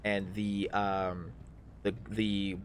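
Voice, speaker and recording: Low-voiced hesitant game master. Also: male voice, flat delivery, drawn-out words, a little hiss or hum. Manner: hesitant, many fillers and restarts. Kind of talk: narrating a tabletop game livestream.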